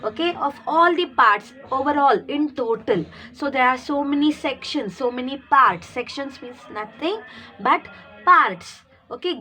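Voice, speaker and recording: A woman teacher who talks at a slow, patient pace in a fairly high voice. She asks questions and answers them herself, repeating and spelling words for young pupils. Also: pushed and bright. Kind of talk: recorded classroom lesson for young children.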